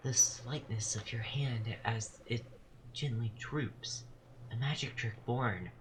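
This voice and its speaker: A man voicing a tall, elegant woman villager in a game, reciting her lines in a slow, rhythmic, incantatory way. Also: medium pitch, a bit bright, slight background noise, pitched above the performer's own voice. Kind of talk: reading game dialogue aloud.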